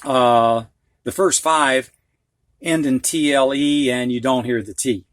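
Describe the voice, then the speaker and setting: A man's voice: medium pitch, slow, fairly bright tone, dry recording, clean studio sound. A man with a Midwestern accent teaching a phonics lesson, patiently explaining words with examples and asides. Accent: Midwestern American. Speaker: reading teacher.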